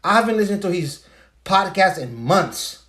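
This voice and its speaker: Fairly bright and animated, this man's high voice moves at a normal speed. He's a podcast host ranting casually through a story, swearing, stressing his points, and firing off rhetorical questions.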